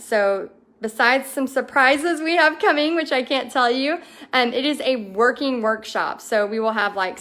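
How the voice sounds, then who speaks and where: Woman, thirties, fairly high voice, livestream host, bubbly and enthusiastic, chatty, lots of ums. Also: a bit bright. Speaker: host of a paint party business livestream. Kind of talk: casual livestream chat answering viewer comments.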